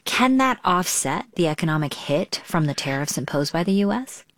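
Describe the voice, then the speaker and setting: Deep-voiced woman hosting radio news. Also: sing-song, normal speed, no room sound, clean studio sound.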